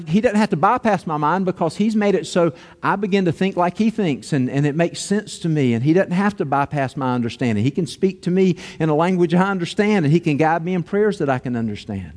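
Pastor, male; chatty, animated sermon delivery, voice sits a bit high. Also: big-room sound. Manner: conversational, animated preaching with acted-out quotes.

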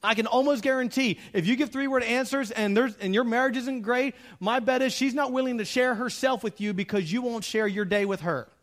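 Middle-aged male pastor, higher-pitched voice for a man, lively humorous sermon delivery. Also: a little fast, few pauses. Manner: animated, acts out quoted dialogue; humorous, direct address to the audience.

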